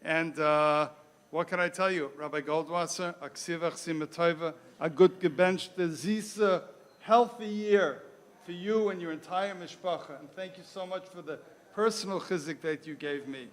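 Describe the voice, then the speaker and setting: A man hosting a live telethon, speaking in an earnest, halting way and thanking a guest. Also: fairly high pitch, fairly even intonation, big-room sound. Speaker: telethon host.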